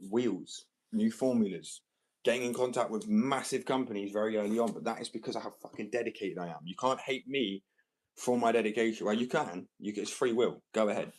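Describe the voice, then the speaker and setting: A man's voice: lowish voice, a little mellow. Profane ranting man, slight Australian twang. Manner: profane, combative, rambling. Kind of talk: ranting monologue to camera. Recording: roomy sound from a distant mic.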